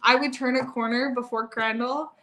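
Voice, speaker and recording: A woman's voice: fairly high pitch, fairly even intonation, moderate pace, fairly bright tone. A woman, a mother and family vlogger, chatting casually with viewers and telling stories with frequent laughs. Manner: chatty storyteller, laughs often. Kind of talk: casual live chat with viewers.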